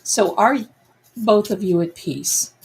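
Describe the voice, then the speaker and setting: A woman talks slowly and thoughtfully through a live tarot reading. She drifts between addressing her viewers and calling out to her cats at home. Her pitch sits in the middle range. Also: expressive, vocal fry, low-quality recording. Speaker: psychic medium livestream host.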